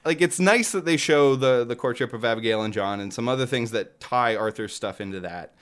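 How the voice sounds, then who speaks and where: A young man chats loosely about a game he played. He swears a lot and breaks into laughs. His voice sits at a middle pitch. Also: a little fast, clear, resonant tone. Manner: chatty, swears freely, laughs often. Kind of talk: casual chat.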